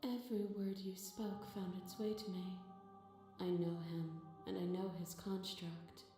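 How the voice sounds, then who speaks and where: An actress voicing an ancient, longing female cosmic being in a game, speaking slowly and solemnly. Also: lowish voice, level tone, over music. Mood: calm. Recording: heavy echo, game soundtrack behind.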